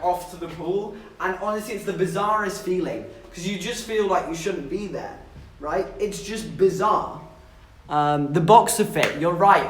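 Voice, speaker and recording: A man's voice: high-pitched, a bit bright, distant mic. Chatty young man from southern England. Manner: chatty, giggly storytelling, talks to chat. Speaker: streamer. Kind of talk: casual livestream chat. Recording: echoey room, voice a bit off-mic.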